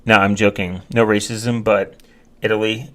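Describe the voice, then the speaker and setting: A man's voice: lowish voice, level tone, normal speed, a bit bright. A man vlogging in a rambling, joking way, talking straight to his viewers with many fillers and restarts. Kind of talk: casual rambling talk to viewers.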